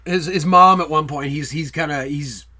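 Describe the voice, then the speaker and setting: A man's voice: fairly high pitch, moderate pace, sharp tone. A young man co-hosting a casual podcast about films, rambling and quoting favorite movie lines. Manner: rambling, quotes movie lines in put-on voices. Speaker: podcast co-host. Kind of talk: casual film chat.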